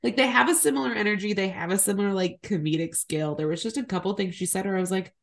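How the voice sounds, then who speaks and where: A woman's voice: medium pitch, quick pace, creaky, hardly any pauses. A woman co-hosting a podcast, making dry, wry remarks in casual chat. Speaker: podcast co-host.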